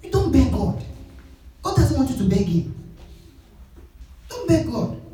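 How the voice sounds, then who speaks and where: Energetic male preacher, call-and-response, distant mic in an echoing hall. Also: extremely high pitch, unhurried, slight background noise. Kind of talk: sermon. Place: large conference hall. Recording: echoey hall from far off with music.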